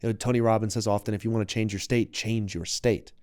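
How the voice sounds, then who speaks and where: Reflective man with a low, mellow voice. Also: very fast, clear, resonant tone. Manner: reflective, animated, acts out quoted voices. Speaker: guest, wellness coach and content creator. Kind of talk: casual podcast conversation.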